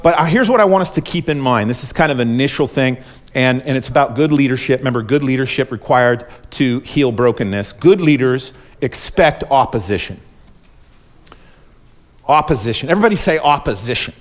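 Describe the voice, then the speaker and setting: A male pastor preaching a sermon in an emphatic, repetitive way, calling on the congregation to respond. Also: fairly high pitch.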